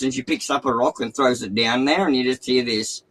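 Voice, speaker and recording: Man, mid-pitched, profane rambling joke-teller on a casual stream. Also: a little fast, a bit bright, a little hiss or hum, poor audio. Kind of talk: casual chat, crude joke telling.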